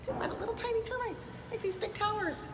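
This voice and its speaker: A preschool storyteller reads a picture book aloud to young children in an extremely high, fast voice, enthusiastic and animated as she does character voices. The recording has background noise and an echoey room with long reverb.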